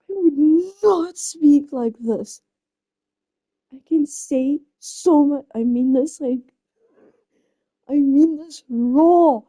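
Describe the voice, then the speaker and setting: Flustered woman streamer, dark mellow voice. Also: high-pitched. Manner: laughing, flustered, exclamatory. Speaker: live streamer. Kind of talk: casual chat.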